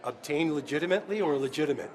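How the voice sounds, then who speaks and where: A male politician answering reporters in a press scrum, measured and pausing as he thinks. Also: a little high, animated, crowd noise.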